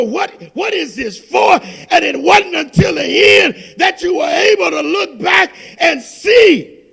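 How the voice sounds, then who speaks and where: A man preaching a fervent sermon as pastor, dropping to a hush and then building to shouted, repeated lines. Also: extremely high pitch, gravelly.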